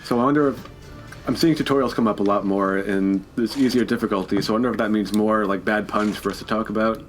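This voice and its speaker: A man casually commenting on a game he is playing, wry and quick to laugh. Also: lowish voice, fairly even intonation, soft background music. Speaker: let's play commentator.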